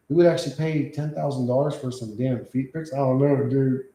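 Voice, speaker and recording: A man's voice: medium pitch, fairly even intonation, fairly quick, mellow. A man chatting on a casual livestream, rambling and swearing freely as he reacts to chat. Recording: echoey room.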